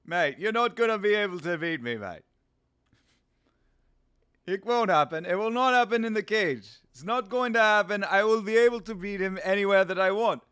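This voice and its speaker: A man's voice: high voice, expressive, normal speed, fairly bright tone, smooth. A man doing a cocky South African fighter. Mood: taunting. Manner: boastful, taunting.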